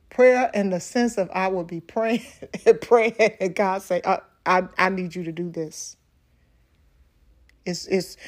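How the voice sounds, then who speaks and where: A woman's voice: mid-range voice, a little mellow. A middle-aged woman minister giving a personal testimony in an earnest way. She laughs often and repeats words when she stresses a point.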